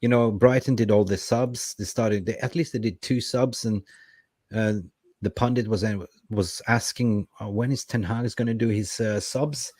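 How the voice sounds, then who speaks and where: A man's voice: on the low side, steady tone, moderate pace, a little mellow, no echo, studio quality. A man co-hosting a casual football fan show, reading viewer comments aloud and reacting to them. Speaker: co-host reading live chat.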